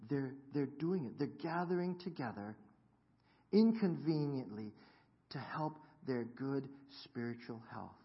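A man's voice: mid-range voice, animated, unhurried. A man in his fifties, a pastor giving a casual, self-deprecating sermon to his congregation in a church. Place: church sanctuary. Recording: dull lo-fi sound.

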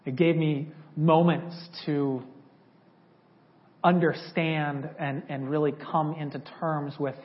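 Man telling his testimony, higher-pitched voice. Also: little pitch movement, slow. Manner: conversational, acts out dialogue from memory. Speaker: church speaker sharing his testimony. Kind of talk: personal testimony storytelling. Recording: slightly dull lo-fi audio.

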